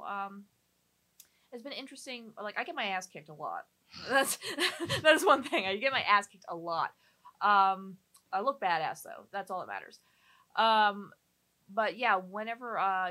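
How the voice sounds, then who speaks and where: A woman with a somewhat low speaking voice, talking loosely and at length as an actress in an interview. She rambles, circles back on her sentences and leans on fillers as she goes. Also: bright, forceful tone, poor audio. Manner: rambling, chatty, frequent fillers and restarts. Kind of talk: casual interview chat.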